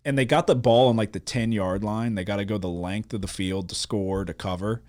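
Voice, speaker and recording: A man's voice: on the low side, brisk, dry recording, studio quality. A man co-hosting a casual sports betting podcast, telling stories with lots of swearing and acting out his own reactions. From New Orleans area. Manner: animated storyteller, swears freely, acts out his own reactions. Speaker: podcast co-host.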